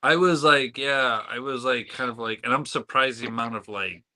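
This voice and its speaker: A man's voice: mid-range voice, moderate pace, pushed and bright. A man co-hosting a casual podcast chat, rambling and hesitant, with lots of filler words. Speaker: podcast co-host.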